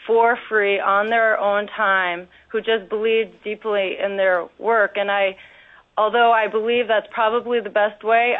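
A woman giving earnest, careful public testimony at a legislative hearing, pausing often with ums. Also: medium pitch. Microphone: telephone. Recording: tinny phone line.

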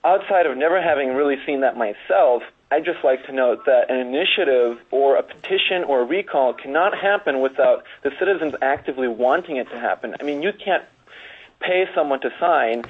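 Guy testifying over the phone, frank and blunt, kinda husky, tinny line. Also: medium pitch, moderate pace. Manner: frank, plain-spoken, a bit exasperated. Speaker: public testifier. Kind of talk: testimony at a legislative hearing. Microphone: telephone.

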